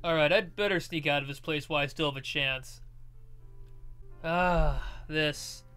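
A man's voice: a little high, steady tone, a little slow, sharp tone, clear, resonant tone, faint music behind. A man voicing a shy, bookish teenage boy who speaks in a dreamy, easily flustered way.

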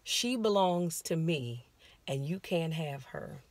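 A woman voicing God as a calm, protective male presence, gentle and firm. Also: sits low, takes it slowly, dry recording, heavily acted.

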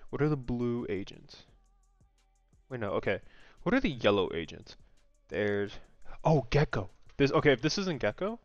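A young man casually vlogging a daily guessing game, thinking aloud, excitable and swearing freely. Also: medium pitch, dry recording. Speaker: gaming content creator. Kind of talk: casual gaming vlog commentary. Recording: dry, slightly muffled home mic.

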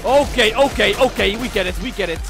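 A young man giving excitable, trash-talking commentary over his own gameplay as a streamer. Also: sits high, fairly quick. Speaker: gaming streamer. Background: game music.

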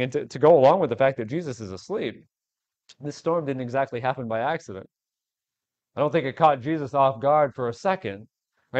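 A male pastor preaching a sermon, animated, acting out the disciples' panicked cries in a raised voice. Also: mid-range voice, muffled recording.

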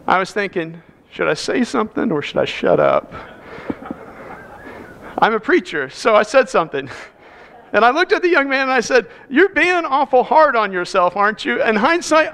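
Man, pastor, high-pitched, lively sermon storyteller. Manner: animated storyteller, acts out quoted dialogue. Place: church sanctuary.

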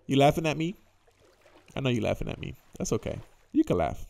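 A man's voice: mid-range voice, big pitch swings, brisk, gravelly, darkish tone, a little hiss or hum. A young man giving casual, jokey gameplay commentary, talking to himself and to the characters in the game. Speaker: gaming YouTuber.

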